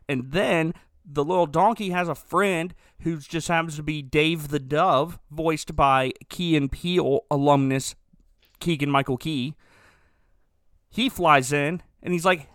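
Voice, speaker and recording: A man's voice: a little high, normal speed, fairly bright tone, dry recording, studio quality. Rambling sarcastic man recapping a film. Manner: rambling, sarcastic, self-correcting. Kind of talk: comedic movie recap.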